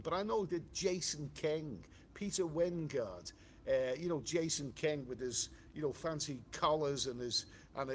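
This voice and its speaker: Man, Liverpool accent, slightly high voice, live-stream chat, rambling with restarts, faint background hiss. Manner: rambling, frequent restarts and "you know" fillers. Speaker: travel vlogger hosting a live stream. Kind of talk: casual live-stream chat, reading comments aloud.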